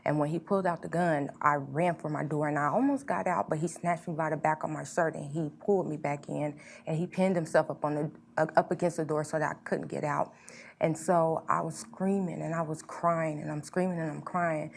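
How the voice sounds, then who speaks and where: Low gravelly woman telling her story. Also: fairly even intonation, fairly quick, a little hiss or hum. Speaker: guest sharing her story. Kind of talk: emotional personal testimony.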